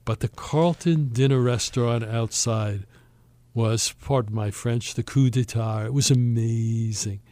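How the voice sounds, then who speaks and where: Animated male podcast host telling stories. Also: medium pitch, measured pace, no room sound. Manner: animated storyteller, acts out quoted voices. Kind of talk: storytelling chat.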